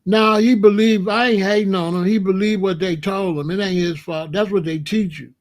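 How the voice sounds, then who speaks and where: A man's voice: sits high, fairly even intonation, moderate pace. A man in his sixties talking casually on a livestream, answering chat in a blunt, emphatic way and often repeating himself. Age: 60s. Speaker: host.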